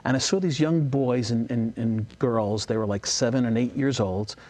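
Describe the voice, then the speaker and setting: A middle-aged man in an interview, talking in a casual, earnest way, full of enthusiasm and quick restarts. His voice sits at an ordinary pitch for a man, and he gets visibly moved as he tells his story. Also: darkish tone. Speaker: guest, ministry leader.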